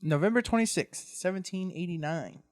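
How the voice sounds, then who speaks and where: A man hosting a casual show, telling a short fact in a deadpan, mock-formal way. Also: high voice, a little fast, no room sound, clean studio sound. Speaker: host.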